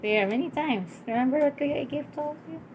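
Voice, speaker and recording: Off camera, a woman with a high, slightly mellow voice coaches a child through exercises a little quickly, cheering him on with repeated praise and laughing often. The casual home video has a little hiss or hum.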